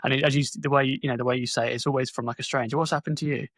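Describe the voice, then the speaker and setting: A man's voice: medium pitch, level tone, racing, fairly bright tone, no room sound, studio quality. A man hosting an interview podcast, direct and opinionated with a sardonic edge. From Britain. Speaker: podcast host.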